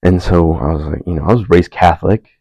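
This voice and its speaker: A young man telling a personal story in a casual panel talk, relaxed and laughing, animated when quoting people. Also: low-pitched, quick pace, gravelly, dry recording, rough recording. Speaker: panel speaker.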